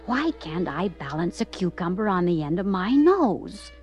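A woman's voice: on the low side, big pitch swings, measured pace, a little mellow, soft background music. A woman voicing an eager, boastful young male animal in a storybook. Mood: bewildered. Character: young male pet animal who feels special.

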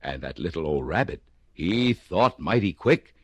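Lively low-voiced male storyteller. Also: a little slow, slight background noise. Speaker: narrator. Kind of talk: storybook reading in rhyme. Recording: music playing behind.

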